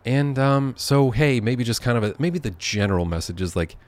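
A man's voice: medium pitch, expressive, moderate pace, darkish tone, no echo. A man hosting a podcast from his living room, rambling through a sardonic, profane comedic monologue. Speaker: podcast host.

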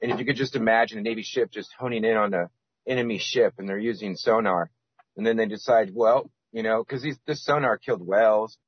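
A man's voice: lowish voice, fairly quick, slightly rough, dry recording. A man as a podcast guest, rambling with many restarts and fillers. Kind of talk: casual podcast interview. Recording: dull lo-fi sound.

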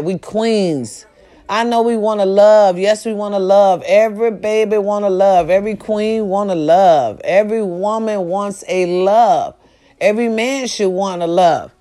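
Loud, profane woman chatting to viewers. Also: medium pitch. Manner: loud, profane and animated, with sung snippets. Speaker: live-stream host. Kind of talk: casual chat to viewers.

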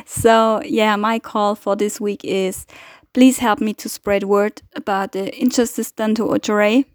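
A woman hosting a weekly podcast update, speaking in a hesitant, halting way with many fillers and restarts. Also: medium pitch, fairly even intonation, no room sound, clean studio sound. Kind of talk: casual spoken appeal.

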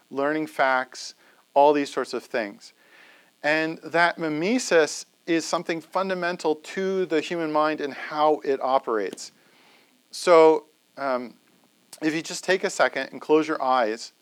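A man giving a conversational classroom lecture to a live audience, often checking in with "right?". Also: fairly high pitch.

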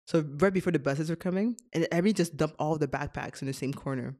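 A woman's voice: low-pitched, quick pace, mellow. A young woman, co-hosting a casual podcast chat, giggling often and switching between English and French. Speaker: podcast co-host.

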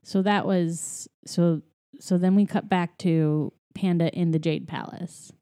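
A woman's voice: lowish voice, steady tone, unhurried, warm tone. A woman casually recapping a movie in chat, retelling scenes with playful character voices.

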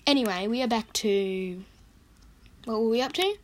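A young woman with a croaky voice, rambling in a casual vlog about her favourite movies and correcting herself often. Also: on the high side, moderate pace. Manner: rambling, chatty, self-correcting. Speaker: vlogger. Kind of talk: casual movie countdown chat.

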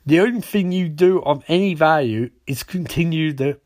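A man voicing a contemptuous male villain in a hushed, half-whispered voice. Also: fairly high pitch, moderate pace, no echo, clean studio sound, lightly acted.

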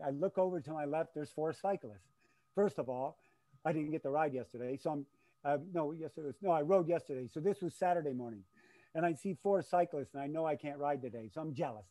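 Lively storytelling man, dry close sound. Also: a little high, dry recording, rough recording. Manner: animated, laughs often, acts out shouts. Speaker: guest, race announcer. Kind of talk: casual storytelling.

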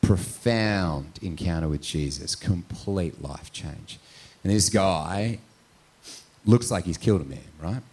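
A man's voice: deep voice, expressive, takes it slowly, darkish tone, breathy edge. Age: adult. A male pastor telling a story in a conversational sermon, often tagging his points with "right?". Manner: storytelling, frequent "right?" tags.

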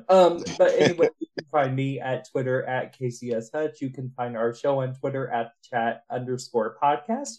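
A man's voice: medium pitch, darkish tone. A man hosting a podcast, signing off in a playful, gushing casual chat. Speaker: podcast host.

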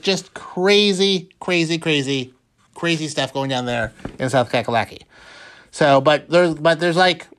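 A man's voice: sits high, a bit bright. A man hosting a radio show, recapping the news in a casual, rambling, jokey way and often repeating words. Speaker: radio host.

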